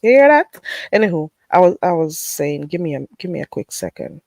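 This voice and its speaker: A woman hosting a casual livestream while getting sick, animated and dropping into patois, swearing and laughing freely. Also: low voice, fairly quick, no echo. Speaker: livestream host.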